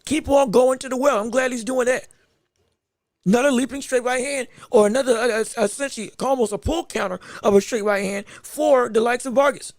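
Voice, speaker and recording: A man hosting a live podcast, giving rapid round-by-round boxing commentary with excited outbursts. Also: very high-pitched, dry recording, studio quality. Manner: rapid play-by-play, excited outbursts, talks to the chat. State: hiccups.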